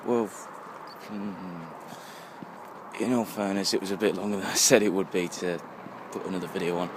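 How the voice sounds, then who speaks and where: A tipsy young English man with a low voice rambles and swears his way through a night walk home. He talks into the phone he holds while walking, and a soft hiss of passing traffic sits under his voice. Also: steady tone, moderate pace. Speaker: vlogger. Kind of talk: casual rambling monologue. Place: outdoors on a street at night, walking. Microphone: phone held while walking. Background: faint passing traffic.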